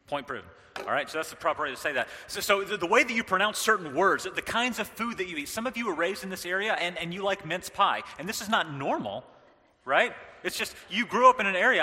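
A middle-aged man from the American South giving a lively, joking sermon as a pastor. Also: a little high, long reverb tail. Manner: animated, joking, with playful impressions.

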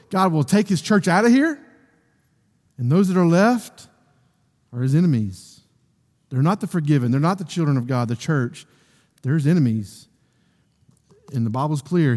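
A pastor preaches in a high, ringing voice, reading scripture and building to emphatic peaks. His words trail off into the long reverb of a large hall. The sermon swells in waves and then settles back down. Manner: reads scripture aloud, rising to loud emphatic peaks.

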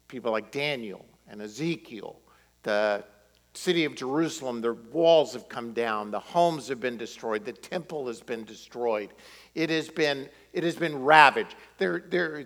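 Give me a male pastor preaching casually, voice a touch high, with reverb from the church hall. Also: a bit bright. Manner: conversational with fillers. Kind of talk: sermon.

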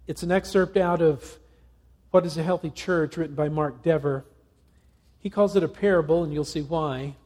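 A male pastor delivers a sermon in an earnest, measured way. His voice sits a little high yet sounds soft and mellow. It has a gentle huskiness. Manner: earnest, reads passages aloud with pauses.

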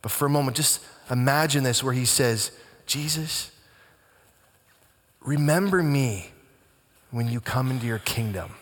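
A male pastor preaching a sermon with dramatic swings between hushed and booming delivery. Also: normal speed, in a large hall.

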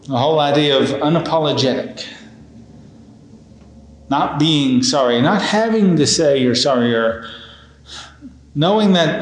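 A man preaching a sermon as minister, retelling a scripture story with animated emphasis. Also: fairly high pitch, unhurried, pauses often, echoey room, low-quality recording. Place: church sanctuary.

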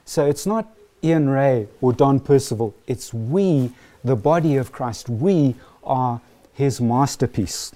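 Guy preaching a sermon, warm low-key tone, leans hard on key words. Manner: earnest, emphatic, slows on key phrases.

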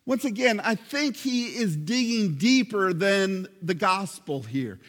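Male pastor, high voice, emphatic sermon delivery, long hall reverb. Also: expressive, fairly bright tone. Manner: emphatic, with slow stressed phrases.

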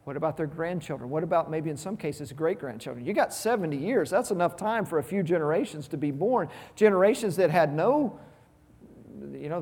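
A man's voice: fairly high pitch, darkish tone, husky. A man pastor preaching a sermon, emphatic, repeating key words and asking rhetorical questions. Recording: long reverb of a large hall.

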